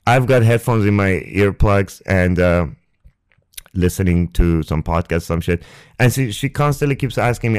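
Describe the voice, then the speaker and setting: A young man hosting a podcast, telling a personal story on a close microphone in a halting, rambling way, with restarts and swearing. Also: deep voice, a little mellow, clear, resonant tone. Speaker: podcast host. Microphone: close ASMR microphone.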